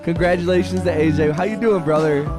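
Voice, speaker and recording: A man streaming music production, chatting casually with his chat, halting and heartfelt, often restarting and swearing with lots of "bro" and "dude". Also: a little high, steady tone. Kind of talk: casual livestream chat, reading chat messages.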